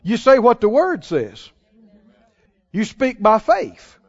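A man's voice: high voice, sing-song, slow. A man preaching a sermon, stretching out his key phrases for emphasis and chuckling now and then. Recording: dull lo-fi sound.

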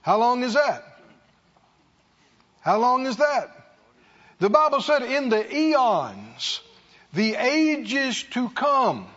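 A man's voice: very high voice, a bit bright, lo-fi sound. A man preaching a sermon in a church, with emphatic, repetitive call-and-response delivery. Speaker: pastor.

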